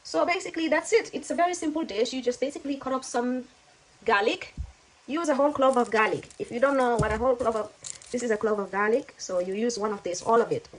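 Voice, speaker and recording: A woman's voice: a little high, fast talker, slight background noise, low-quality recording. Chatty woman cooking in a sizzling kitchen. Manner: chatty, repeats words, calls viewers babe. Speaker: cooking vlogger. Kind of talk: casual cooking chat to camera. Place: home kitchen. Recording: loud frying and sizzling behind.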